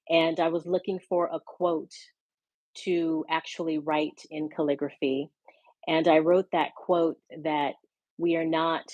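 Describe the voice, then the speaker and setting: A woman speaking as a podcast guest, telling her story in a reflective, unhurried way over a video call. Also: low voice, darkish tone, dry recording, muffled recording. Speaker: podcast guest and hypnosis practitioner. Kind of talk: casual conversational interview.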